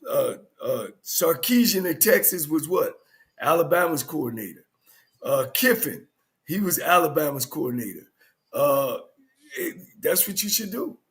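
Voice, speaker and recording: A man's voice: fairly high pitch, very animated, unhurried, fairly bright tone. A man co-hosting a casual football talk stream, folksy and rambling, with chuckles between points. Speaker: co-host, coach.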